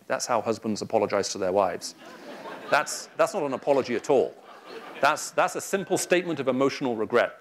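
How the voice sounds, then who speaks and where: A man's voice: medium pitch, a little fast. A man giving a public Christian talk to a live audience, telling stories with humor. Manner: lively storytelling with humor. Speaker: Christian speaker addressing an audience.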